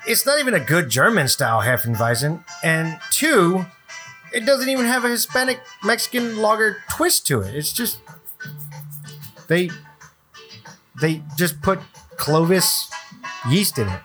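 A man's voice: sits high, big pitch swings, measured pace, pauses often, pushed and bright, faint music behind. A man, co-hosting a casual beer-tasting podcast, joking and rambling. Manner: laid-back, joking, rambling. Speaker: podcast co-host.

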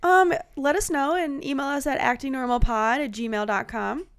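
A woman co-hosting a podcast, talking in animated, joking casual chat, full of "like". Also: sits high, normal speed, no room sound. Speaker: podcast co-host.

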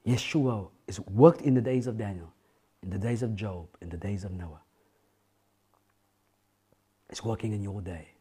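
A man preaching an impassioned sermon, often shouting, then dropping to a hushed intensity. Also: lowish voice, unhurried, long pauses, slightly rough.

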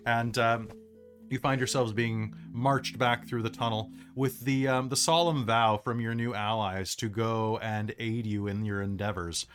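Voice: mid-range voice, fairly even intonation, a little slow, faint music behind. A game master narrating a tabletop role-playing game in a playful, joking way. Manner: playful, jokey, voices characters.

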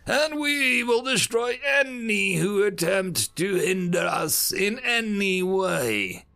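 A man's voice: sits high, sing-song, extremely slow, vocal fry, sharp tone, pitched above the performer's own voice, exaggerated voice. A man reading an audiobook and voicing a cruel, snarling canine alien ambassador in a raised, menacing voice. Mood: gloating. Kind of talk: audiobook character voice.

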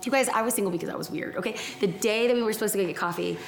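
A woman guest chatting casually, telling a lively story, acting out quotes and poking fun at herself. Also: medium pitch, rapid-fire, creaky, a little hiss or hum. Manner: animated storyteller, acts out quotes, self-mocking. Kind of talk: casual chat. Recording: roomy studio sound.

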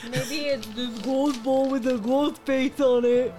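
Brief: female player, slow-paced, profane and loud, music behind her. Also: high-pitched, steady tone. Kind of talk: tabletop role-play banter.

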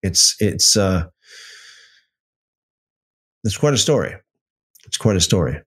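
A man's voice: low voice, very animated, slow pace, a bit bright, husky. A man hosting a livestream, telling a story loosely with many restarts and then reading out viewer comments. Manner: reads out and answers live chat comments. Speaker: livestream host. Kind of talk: casual livestream teaching.

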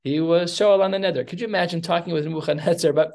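A man leading a text study class, telling the story with animated asides. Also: on the high side, fast talker.

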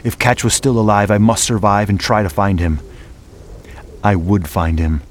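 Deep-voiced man narrating grim horror. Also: steady tone, moderate pace, a little hiss or hum. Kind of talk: scripted first-person horror narration.

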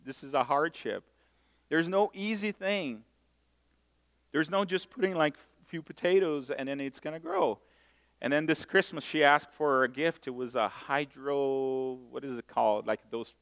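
A middle-aged man from Brazil, preaching a sermon and telling stories in a self-mocking, animated way. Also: mid-range voice, a little slow, smooth. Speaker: pastor. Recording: long hall reverb.

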